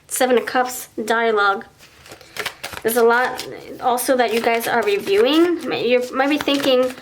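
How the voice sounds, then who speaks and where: A woman with a fairly high voice gives a pick-a-card tarot reading. She thinks aloud and restarts often as cards come up. A faint hiss sits behind her voice. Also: measured pace. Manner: acts out imagined dialogue between partners. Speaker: tarot reader.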